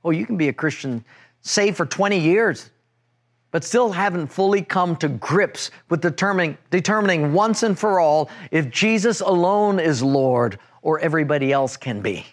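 A middle-aged man preaching a sermon, telling a personal story and acting out an argument in a raised, animated voice. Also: on the high side, normal speed. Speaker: pastor.

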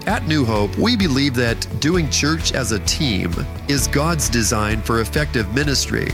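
A man's voice: mid-range voice, expressive. A male announcer reading a scripted introduction to a religious radio program. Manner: measured, formal introduction. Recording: announcement over background music. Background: music bed.

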